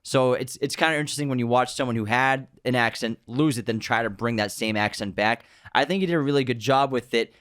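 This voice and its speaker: A man's voice: medium pitch, a bit bright, no room sound, clean studio sound. Casual male podcast co-host. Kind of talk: casual chat.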